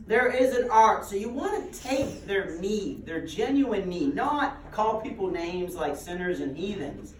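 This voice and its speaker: A man's voice: sits high, slight background noise. A man preaching to a congregation, telling self-deprecating stories with humor. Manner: self-deprecating, animated storyteller. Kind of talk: humorous storytelling sermon. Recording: echoey church hall, distant mic.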